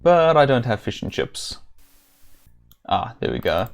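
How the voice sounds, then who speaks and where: A man's voice: mid-range voice, sing-song, slow pace, creaky, long pauses. A man streaming a video game, chatting casually and rambling with dry, self-amused jokes. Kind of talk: casual let's-play commentary.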